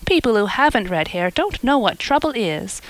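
A woman's voice: mid-range voice, sing-song, moderate pace, no echo, poor audio. A woman voicing a chatty, imaginative orphan girl in an audiobook, eager and gushing. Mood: reproachful. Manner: eager, gushing, rising and falling. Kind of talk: audiobook character voice.

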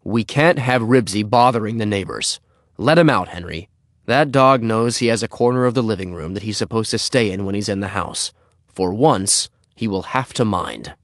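A man voicing a tired, firm father in a storybook, speaking slowly and plainly. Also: no room sound, studio quality, lightly acted. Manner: slow, firm, low-key. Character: weary father, firm and settled.

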